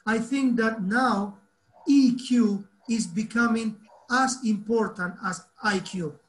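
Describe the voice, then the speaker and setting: A man from Argentina, a teacher trainer giving an online workshop talk over a video call, deliberate and quizzing his audience. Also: high-pitched, low-quality recording.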